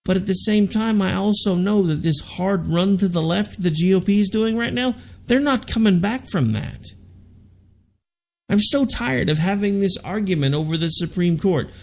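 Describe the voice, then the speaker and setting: A man's voice: high voice, moderate pace, creaky, darkish tone. A man hosting a political talk radio show, delivering a sarcastic, ranting monologue.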